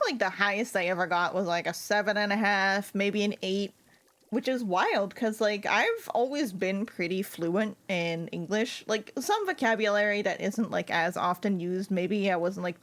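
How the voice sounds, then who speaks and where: A woman from Europe chatting casually on a gaming stream, telling rambling stories with lots of fillers and giggles. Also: mid-range voice. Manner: rambling, filler-heavy storytelling with frequent giggles.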